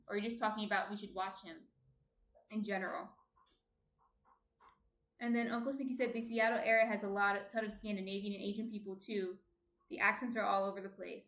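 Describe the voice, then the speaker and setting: A woman's voice: mid-range voice, steady tone, fast, fairly bright tone. A woman with a New Jersey accent, chatting casually on a baking stream and reading viewer comments aloud. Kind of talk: casual chat while baking. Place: home kitchen. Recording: echoey room.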